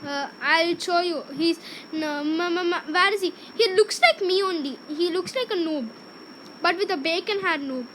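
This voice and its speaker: A young female host chatting while playing a game with a friend, excitable and goofy. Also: extremely high pitch, moderate pace, slight background noise. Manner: excitable, goofy, shrieks when losing. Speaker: gaming channel host.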